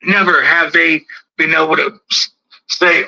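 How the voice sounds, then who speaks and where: A man with a high-pitched, gravelly voice talks in a loose, rambling way, repeating words as he restarts his thoughts. His tone is strikingly bright and cutting. The audio sounds muffled and lo-fi. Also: steady tone, measured pace. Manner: repetitive, restarts, acts out quoted exchanges. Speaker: dog breeder. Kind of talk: casual talk. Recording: dull lo-fi audio.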